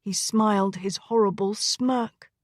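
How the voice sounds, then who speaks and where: Slow, measured woman narrating a romance. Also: mid-range voice, fairly even intonation, no room sound, studio quality. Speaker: audiobook narrator. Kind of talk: scripted narration.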